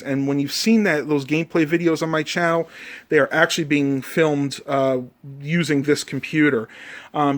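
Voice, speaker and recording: A man records a casual vlog in his bedroom at home. He talks in an easygoing, rambling way, with ums and uhs scattered through. His voice sits a touch higher than most men's. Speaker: vlogger.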